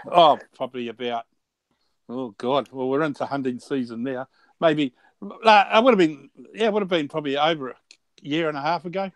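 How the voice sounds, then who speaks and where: A man with a New Zealand accent talks in a loose, casual chat, stumbling over his words and circling back before landing his point. His voice sits a touch high for a man and comes across dry and close, with no room around it. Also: no room sound. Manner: halting, with many restarts.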